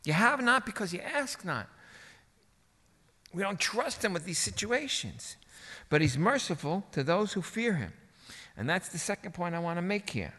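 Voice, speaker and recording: A man preaches with colloquial, animated energy, moving between hushed asides and excited shouts. His voice sits a bit high and sounds bright and forceful. A long hall reverb hangs after his words. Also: normal speed. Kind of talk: sermon.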